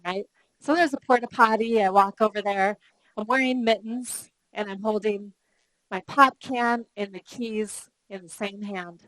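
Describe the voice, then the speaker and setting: On a dry, rough recording, a middle-aged woman with a fairly high voice leads a live workshop on customer service. She tells stories with energy and puts questions to the people in the room.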